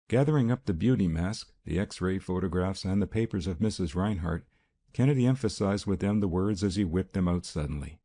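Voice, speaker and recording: A man narrating a mystery audiobook in a steady, even reading. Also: low voice, fairly quick. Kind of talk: scripted narration.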